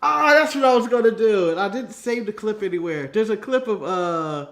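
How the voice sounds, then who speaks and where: High-pitched American male co-host, playful banter, laughs through lines. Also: expressive, normal speed, fairly bright tone. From United States. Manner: playful, swears, laughs through his words. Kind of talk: casual wrestling podcast chat.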